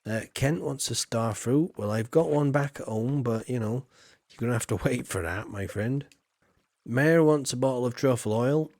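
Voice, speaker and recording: Male streamer, husky, mid pitch, rambling cheeky gameplay chatter. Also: normal speed, darkish tone, no room sound, studio quality. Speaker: game streamer. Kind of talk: casual gameplay commentary.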